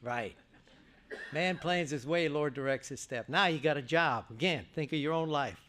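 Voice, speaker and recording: Older guy speaking at a church banquet, kinda high voice, acts out his quotes, stumbles over words. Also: normal speed, a little hiss or hum. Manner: animated storytelling, acts out quotes; stammers and restarts. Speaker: guest speaker. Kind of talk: banquet speech.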